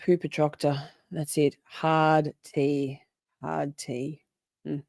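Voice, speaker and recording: A woman's voice: sits low, flat delivery, slow, creaky, darkish tone, no room sound, studio quality. A woman giving casual, profane, sarcastic reaction commentary to a clip, with frequent laughing asides. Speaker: commentary streamer.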